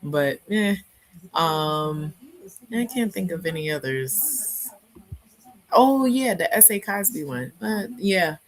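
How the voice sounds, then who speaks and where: A woman's voice: lowish voice, animated, takes it slowly, low-quality recording. A woman in a casual book club chat, rambling and hesitant with many fillers.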